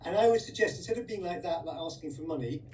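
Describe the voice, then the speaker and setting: A man's voice: on the high side, expressive, fast, a little mellow, far from the mic, a little hiss or hum, poor audio. Man teaching conducting, singing rhythms. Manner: sings rhythms with syllables, coaxing and direct. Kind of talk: one-on-one conducting lesson.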